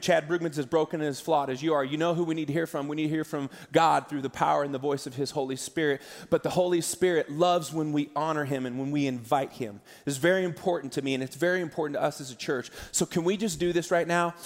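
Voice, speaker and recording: A man preaching in a large church hall, his voice a little high for a man. He talks in a loose, conversational way, turning emotional at times and slipping in jokes, and a long reverb trails behind every phrase. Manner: conversational, emotional, jokey asides. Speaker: pastor. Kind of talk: sermon.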